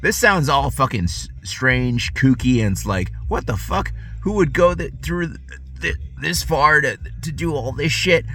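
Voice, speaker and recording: A man's voice: mid-range voice, lively intonation, a little slow, fairly bright tone, soft background music. A man ranting casually to camera, profane and rambling, often restarting his sentences. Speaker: vlogger.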